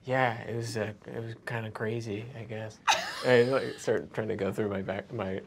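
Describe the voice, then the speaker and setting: A man's voice: fairly low pitch, fairly even intonation, moderate pace, very noisy, natural voice. A man voicing a shy, awkward teenage barbarian boy in a tabletop game, stammering and apologetic.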